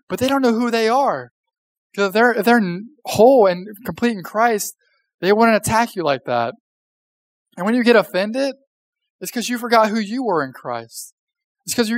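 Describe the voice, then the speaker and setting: A man's voice: sits high, no room sound. A young man preaching a casual, conversational sermon, joking and asking the audience questions. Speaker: pastor.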